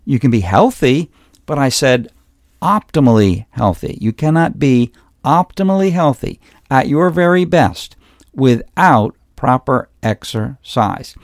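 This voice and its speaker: A man's voice: mid-range voice, animated, unhurried, dry recording, clean studio sound. A man in his fifties hosting a health podcast, teaching in an earnest way and listing points one by one. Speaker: podcast host, chiropractor. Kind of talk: solo health podcast talk.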